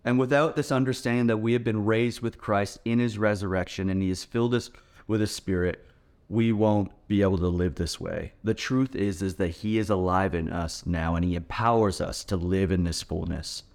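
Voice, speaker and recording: A male pastor delivers a sermon in a fairly low voice. His preaching is earnest and emphatic, pressing each point home. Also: steady tone, normal speed, a little mellow.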